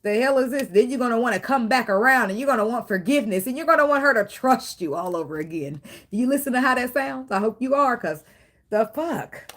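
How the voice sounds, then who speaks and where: A woman's voice: fairly high pitch, lively intonation, brisk, a bit bright. A woman giving a casual tarot reading, blunt and profane, talking straight to the viewer. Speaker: tarot reader.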